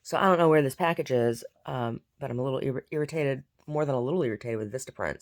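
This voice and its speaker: Lady vlogging, kinda gravelly, rambles and repeats herself a lot. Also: very deep voice, fast talker. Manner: meandering, repeats words, mutters asides. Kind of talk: casual rambling chat.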